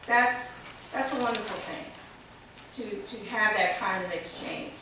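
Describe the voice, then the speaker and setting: An American woman giving a conference keynote, slightly under the weather with a cold, speaking in a deliberate, measured way with touches of dry humor. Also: medium pitch. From United States. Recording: echoey hall from far off, faint noise.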